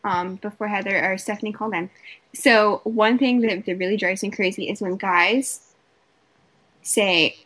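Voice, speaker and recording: A woman's voice: medium pitch, steady tone, moderate pace, a bit bright, low-quality recording. A woman co-hosting a casual chat over a call, telling blunt, profane stories. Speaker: co-host.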